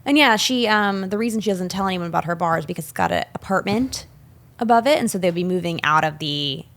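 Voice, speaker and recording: Animated woman chatting about a film. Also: fairly low pitch, quick pace. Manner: animated, recounting scenes with quoted lines. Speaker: podcast co-host. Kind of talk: casual film discussion. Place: small room with microphones. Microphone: studio microphone.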